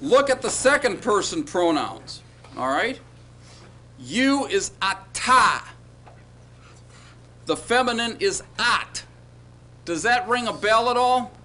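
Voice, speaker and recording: The teacher's voice is high-pitched, pushed and bright, swinging widely in pitch as he speaks slowly with long pauses over slight background noise. He's lecturing a Hebrew grammar class, drilling students through call-and-response and checking in often with "okay" and "all right."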